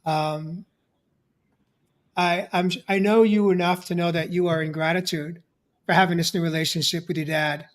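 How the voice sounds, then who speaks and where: A man with a notably high speaking voice hosts a live discussion show. He affirms and encourages his guests as he talks. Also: steady tone, normal speed. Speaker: podcast host.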